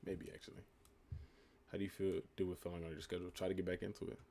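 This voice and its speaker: A nineteen-year-old man hosts a casual livestream, reading viewers' comments aloud and answering them in a relaxed way. His voice sits low and carries a gravelly, fry-heavy edge. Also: racing, a little hiss or hum. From United States. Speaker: livestream host. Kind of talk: casual live-stream chat answering comments.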